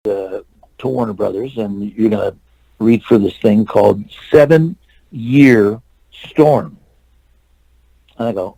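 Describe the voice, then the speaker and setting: Gravelly-voiced older man telling stories. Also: mid-range voice, expressive, a little slow, long pauses, warm tone, dry recording, poor audio. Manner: rambling anecdotes with restarts and acted-out quotes. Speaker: interview guest, actor and stuntman. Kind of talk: casual storytelling interview.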